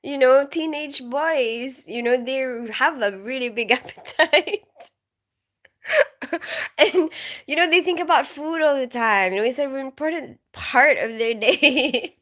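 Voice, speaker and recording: Chatting unhurriedly in a high-pitched, slightly bright voice, this livestream host is a woman in her forties from the Philippines. With her Filipino English accent, she shares stories, giggles frequently, and responds to viewers by reading their chat comments.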